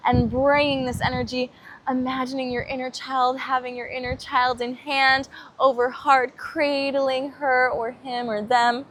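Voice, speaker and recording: Gentle woman leading a guided meditation. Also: high-pitched, little pitch movement, a little hiss or hum, low-quality recording. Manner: soft, gentle, slow affirmations that swell into loud chanting. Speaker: vocal embodiment coach.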